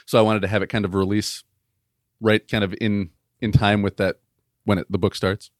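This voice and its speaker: Male author guest, low voice, relaxed and thoughtful, dry close mic. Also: normal speed, no echo. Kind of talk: casual chat.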